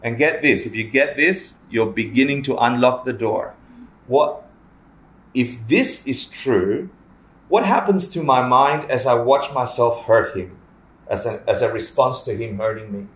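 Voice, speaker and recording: In an echoey room, a man leads a lively, casual dharma class, joking, swearing, and acting out little scenes to explain Buddhist ideas. His voice is mid-range and a bit bright, with a measured pace.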